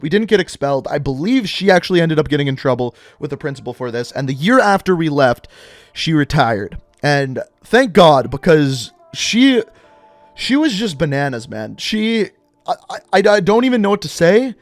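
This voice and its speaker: A young man casually telling a rambling high school story to his channel, full of "like" and asides. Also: no echo. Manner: rambling, chatty, lots of "like". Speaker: vlogger.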